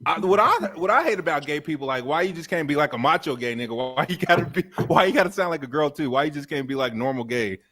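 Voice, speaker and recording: A man arguing his point in a heated casual podcast debate, repeating himself and dropping his voice low when he insists. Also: expressive, quick pace, hardly any pauses, a bit bright.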